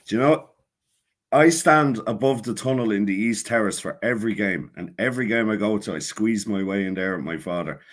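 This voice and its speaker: A man with a Dublin accent, a guest on a casual sports chat, talking in an opinionated, animated way. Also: fairly low pitch, a little fast.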